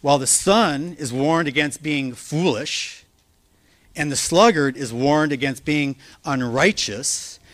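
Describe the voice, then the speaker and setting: A male pastor preaching a sermon, earnest and emphatic, slowing down to stress key words. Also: fairly high pitch, a bit bright, dry recording. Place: church.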